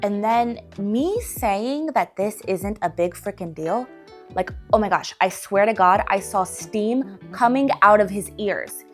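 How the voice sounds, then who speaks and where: A woman's voice: mid-range voice, unhurried, faint music behind. A young woman casually telling stories to camera and acting out the voices of people in them. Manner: animated, acts out quoted voices. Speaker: relationship advice vlogger.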